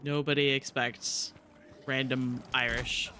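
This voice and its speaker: A man's voice: mid-range voice, little pitch movement, takes it slowly, sharp tone, slight background noise. An American man streaming a video game, chatting casually, laughing often and exclaiming a lot. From United States. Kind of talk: casual gameplay commentary.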